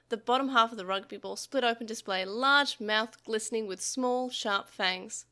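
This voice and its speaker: A young adult woman reading a novel aloud for a podcast, telling the story in a lively way with small slips and restarts. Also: on the high side, moderate pace, hardly any pauses.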